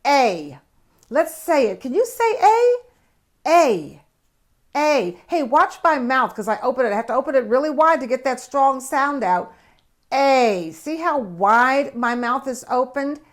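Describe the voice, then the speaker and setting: A woman's voice: high-pitched, expressive, moderate pace, a bit bright. An older woman, a grandmother figure, hosting a children's alphabet lesson in a bubbly, exaggerated, sing-song way. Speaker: host, children's teacher.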